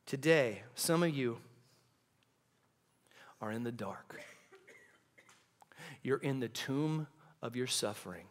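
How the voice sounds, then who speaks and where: A pastor preaching a sermon in a church, building to impassioned peaks and dropping to hushed, quiet lines. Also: male voice, mid-range voice, expressive, takes it slowly, pauses often, a little hiss or hum. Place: church sanctuary.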